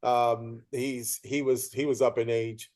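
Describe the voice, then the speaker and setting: A man hosting a casual interview, telling lively anecdotes and acting out what people said. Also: mid-range voice, takes it slowly. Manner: animated storyteller, acts out quoted voices. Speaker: host.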